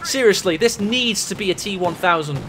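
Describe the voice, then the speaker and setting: A man casting a strategy game match, excitable and jokey, his voice rising to shouts at the big plays. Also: sits high, normal speed, a little hiss or hum. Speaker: game caster. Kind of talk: energetic esports commentary.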